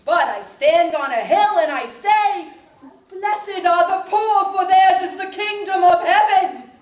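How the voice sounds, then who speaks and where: A woman's voice: sits high, animated, unhurried. A woman playing Jesus as a money-minded, wisecracking carpenter in an amateur comedy play, who swings from pious preaching to haggling. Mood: schmoozing. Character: schmoozing Yiddish-talking carpenter Jesus, male, money-minded. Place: synagogue stage. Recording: echoey hall.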